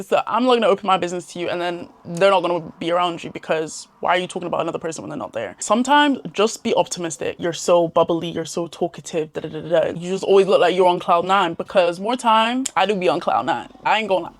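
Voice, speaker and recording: A woman's voice: medium pitch, no room sound. A young woman giving casual, chatty advice to camera in a slangy way. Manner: chatty and slangy, laughs often. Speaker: self-improvement vlogger.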